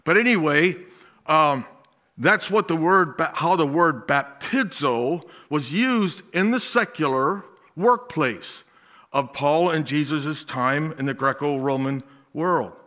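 A male pastor preaching a sermon, slow and drawn out, with emphatic swells and folksy asides. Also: a little high, pushed and bright.

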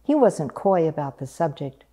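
A woman reading a picture book aloud in a gentle, unhurried way. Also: deep voice, big pitch swings. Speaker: storyteller.

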